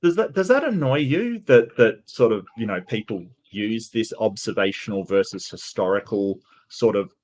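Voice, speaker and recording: A man hosting a casual interview, speaking haltingly as he searches for his words. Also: fairly low pitch, lively intonation, darkish tone. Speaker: host.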